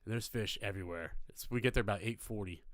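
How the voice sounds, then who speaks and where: A man co-hosting a live podcast, casually telling a story in an animated way, with some cursing. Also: on the low side, fast, no room sound, clean studio sound. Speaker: podcast co-host.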